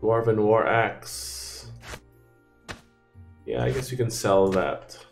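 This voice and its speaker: A man's voice: on the low side, fairly even intonation, slow, creaky, soft background music. A man giving casual gameplay commentary, thinking aloud in an offhand way and often trailing off. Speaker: let's play gamer.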